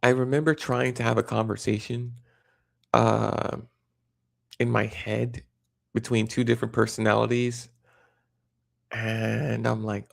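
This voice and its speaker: A man's voice: mid-range voice, little pitch movement, unhurried, creaky, pauses often, dry recording, studio quality. A man hosting a livestream, rambling in casual chat with lots of fillers and restarts. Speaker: livestream host.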